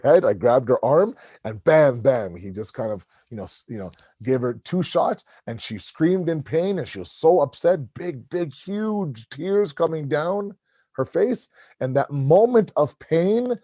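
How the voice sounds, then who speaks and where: A man's voice: mid-range voice, dark tone, no echo, studio quality. A middle-aged man giving a conversational sermon at a religious gathering, telling a family story and acting out the dialogue. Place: mosque hall.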